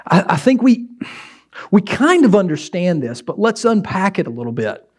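A middle-aged pastor preaches a sermon with animation, slipping into acted-out scenes. His voice is somewhat high for a man, with big pitch swings and a moderate pace.

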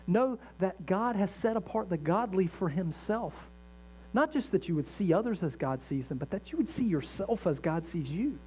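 In a high, warm, animated voice at a moderate pace, a middle-aged pastor preaches earnestly and conversationally, mixing jokes with acted-out inner voices. Faint mains hum runs through the dull, lo-fi recording.

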